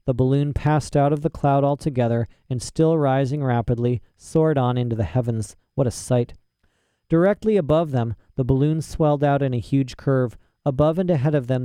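A man narrating a storybook in a steady, expressive reading. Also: mid-range voice, smooth, no room sound, studio quality. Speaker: audiobook narrator.

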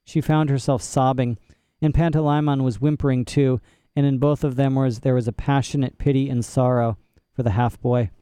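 A man narrating an audiobook chapter in a measured, expressive reading voice. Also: medium pitch, clear, resonant tone, no echo. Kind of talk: scripted narration.

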